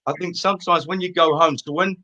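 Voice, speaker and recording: A man's voice: sits high, fairly even intonation, quick pace, pushed and bright, lo-fi sound. A man in his fifties with an Essex accent, chatting casually as an interview guest and telling rambling anecdotes. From Essex, England. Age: 50s. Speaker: stage singer and guest. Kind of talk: casual chat.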